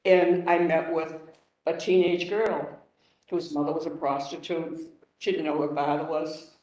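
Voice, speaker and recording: A woman's voice: low-pitched, level tone, moderate pace, darkish tone, distant mic. An older woman on a council, speaking at a hearing in an emotional, rambling, outspoken way. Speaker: council member. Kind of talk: hearing remarks. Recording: roomy, off-mic in a hall.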